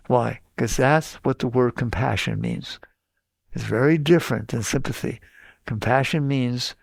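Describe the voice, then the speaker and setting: An older man giving an informal spiritual talk to a group, asking questions and answering them himself in a lively conversational way. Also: mid-range voice, moderate pace, vocal fry, no echo. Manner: animated, conversational, asks and answers his own questions. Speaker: spiritual teacher.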